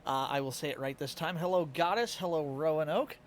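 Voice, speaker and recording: A man's voice: a little high, a little fast, a little hiss or hum. A tired man with a Midwestern American accent, chatting casually and laughing often as he streams live to his chat. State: a little tired.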